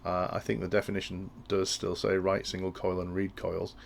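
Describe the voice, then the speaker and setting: A man's voice: sits low, monotone, brisk, creaky, a little hiss or hum. A man explaining industrial control logic in a tutorial, thinking aloud and often restarting his sentences. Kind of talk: technical tutorial walkthrough.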